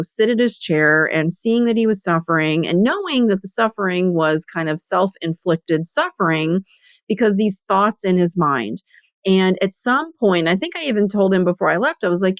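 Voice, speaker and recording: A woman's voice: lowish voice, smooth, no room sound. A woman in her fifties hosting her own podcast, telling a candid story in a chatty way with lots of "you know". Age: 50s. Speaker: podcast host and business coach. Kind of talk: casual solo podcast storytelling.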